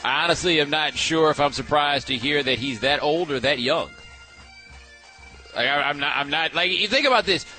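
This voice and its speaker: A man hosting a sports talk show, riffing in a casual, animated way with frequent restarts. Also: on the high side, moderate pace, soft background music.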